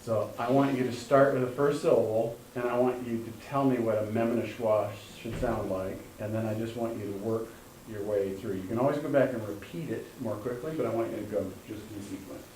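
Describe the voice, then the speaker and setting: A man teaches a class with patient, step-by-step coaching. His voice sits at an ordinary pitch and carries some room echo. The mic is a little way off, with faint background noise. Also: fairly even intonation, fairly quick, a little mellow, distant mic. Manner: patient, coaching students syllable by syllable. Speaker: Hebrew teacher. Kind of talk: classroom instruction.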